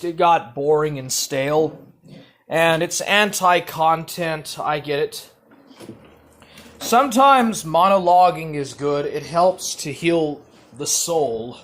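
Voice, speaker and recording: A man talking slowly in a somewhat high voice, hosting a livestream. He rambles and repeats himself, answers chat messages, and swings between speaking up and muttering. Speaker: livestream host.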